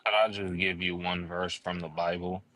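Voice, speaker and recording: A man calling into a debate stream, trolling with a deadpan delivery. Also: sits low, moderate pace, dry recording, low-quality recording. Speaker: caller. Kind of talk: prank call on a debate stream.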